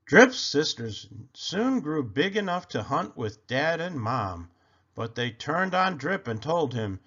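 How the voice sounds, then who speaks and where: A man reading a children's picture book aloud with slow, animated storytelling. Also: on the high side, lo-fi sound.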